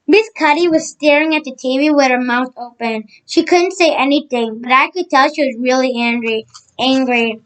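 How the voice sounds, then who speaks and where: A woman with a high voice reads a children's book aloud. She trips over words, restarts, and breaks off for casual asides. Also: moderate pace, smooth, low-quality recording. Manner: stumbles over words, adds side comments. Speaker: reader.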